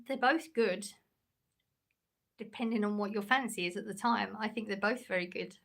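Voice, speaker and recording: English woman streamer, relaxed and halting, slight vocal fry, mid-pitched; answers chat casually. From England. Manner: laid-back and hesitant, with many ums and restarts. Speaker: livestreamer. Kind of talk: casual livestream chat, reading comments aloud.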